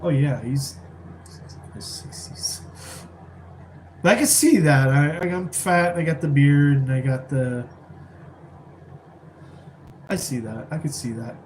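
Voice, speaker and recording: Brief: male live-streamer, relaxed rambling chat, slightly high pitch, faint background hiss. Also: measured pace, long pauses, poor audio. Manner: rambling, laid-back, many fillers. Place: rented apartment, keeping voice down.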